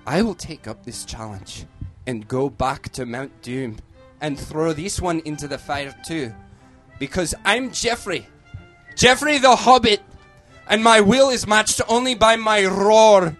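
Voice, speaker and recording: A man's voice: high-pitched, expressive, drawn-out words, long pauses, faint music behind, pitched above the performer's own voice, heavily acted. A man voicing a feeble, scrawny male hobbit who boasts in a thick put-on Scottish brogue. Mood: boastful.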